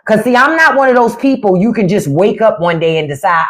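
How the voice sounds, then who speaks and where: A woman's voice: fairly high pitch, expressive, brisk, hardly any pauses. A woman hosting a livestream, ranting bluntly and mockingly with plenty of profanity. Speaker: livestream host. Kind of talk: casual livestream rant.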